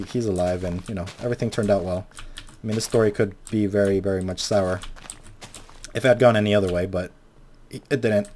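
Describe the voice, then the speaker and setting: Young man, lowish voice, casual profane storytelling over gameplay, rambling, acts out the quotes. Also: darkish tone. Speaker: Minecraft video maker. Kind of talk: casual storytelling while playing.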